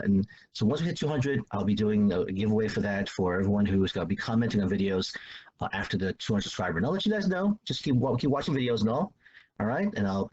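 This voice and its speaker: A man's voice: fairly low pitch, darkish tone, dull audio. A man teaching a math lesson in a casual, loose way, repeating himself as he explains. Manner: loose, repetitive explaining with restarts and fillers.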